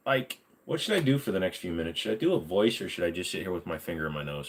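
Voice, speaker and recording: Rambling, joking man hosting a livestream. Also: fairly low pitch. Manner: joking, rambling, talks straight to chat. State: short of breath from bronchitis. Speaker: livestream host. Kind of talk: casual livestream chat. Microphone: desk microphone.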